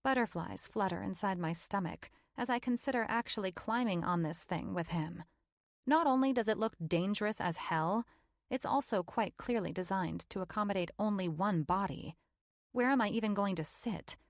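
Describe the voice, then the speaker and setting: A woman's voice: medium pitch, moderate pace, dry recording, clean studio sound. A woman narrating a first-person romance audiobook in a wry, playful storytelling manner.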